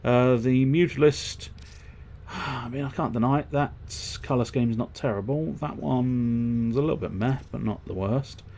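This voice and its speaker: A man's voice: mid-range voice, unhurried, darkish tone. A man streaming a video game who rambles and swears as he thinks aloud while customizing his gear. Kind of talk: casual let's-play commentary.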